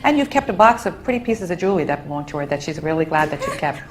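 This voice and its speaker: A woman working as a psychic medium, giving readings to an audience in a gentle, consoling way and calling people honey and sweetheart. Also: deep voice, very animated, rapid-fire, noisy background. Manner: soothing, endearments, relays messages.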